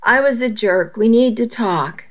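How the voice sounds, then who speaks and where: A woman's voice: on the high side, unhurried, close to an everyday voice. A woman voicing an adult man, a blunt boyfriend, in plain unaltered delivery.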